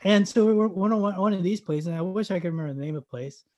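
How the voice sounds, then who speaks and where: High-voiced man telling a lively story. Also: quick pace. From Canada. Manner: animated storyteller, acts out dialogue, bursts into shouting. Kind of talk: casual storytelling chat.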